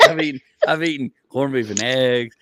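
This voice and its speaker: A man, a comedian and podcast host, telling a rambling story in casual chat. He laughs at his own stories and his voice jumps up in pitch. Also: a little slow, sharp tone, slight background noise.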